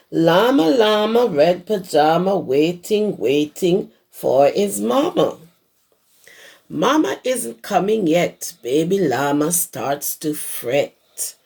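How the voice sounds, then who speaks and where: A hoarse woman who teaches preschool, reading a picture book aloud to young children and stopping to explain words. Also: fairly low pitch, a little mellow. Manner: explains words to small children as she reads. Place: her home.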